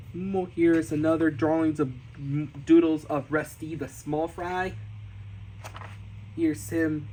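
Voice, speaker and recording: A man giving a casual tour of his sketchbooks, enthusiastic, often repeating and restarting, with sudden excited squeals. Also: a little high, a little hiss or hum, rough recording. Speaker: artist showing his sketchbooks.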